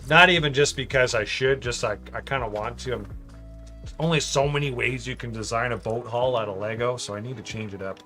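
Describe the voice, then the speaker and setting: A man's voice: medium pitch, a little fast, sharp tone, faint music behind. A man hosting a casual livestream, chatting and reading viewer comments aloud with light, joking asides. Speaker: livestream host building Lego.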